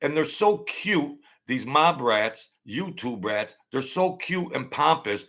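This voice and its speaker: The host, a middle-aged man with a mid-range, sing-song voice, takes his time as he reacts to livestream chat. He's blunt and mocking, repetitive, and tends to rant loudly before he laughs.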